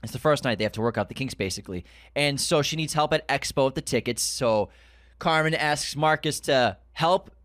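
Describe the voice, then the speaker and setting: A man co-hosting a podcast, recapping a TV episode in a casual chat, animated and swearing, acting out scenes in a raised voice. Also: medium pitch, fairly quick, no echo, clean studio sound. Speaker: podcast co-host.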